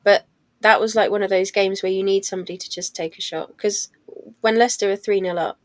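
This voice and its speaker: Brief: woman panelist, mid-pitched, thoughtful and hedging, dry close recording. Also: fairly even intonation, brisk, no room sound. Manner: thoughtful, hedging with "I don't know" and "like". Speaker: podcast panelist. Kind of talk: casual chat.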